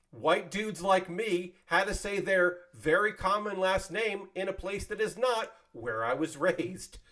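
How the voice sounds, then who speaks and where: A man's voice: high-pitched, fairly bright tone. A man chatting casually on a live stream while building, rambling and swearing freely as he thanks viewers. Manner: thanks viewers and subscribers by name.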